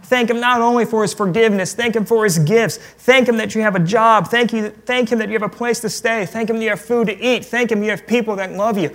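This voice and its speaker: A pastor preaching a sermon on prayer, in a conversational tone with light humor. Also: male voice, high voice, fairly even intonation, a little fast, hardly any pauses, a bit bright.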